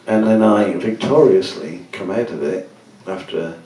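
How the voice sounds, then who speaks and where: A man's voice: low voice, measured pace, warm tone. Rambling older man, echoey from afar. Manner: rambling, anecdotal, laughing often. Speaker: musician speaking at a book event. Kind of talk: casual talk to an audience. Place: gallery event. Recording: echoey room from far off.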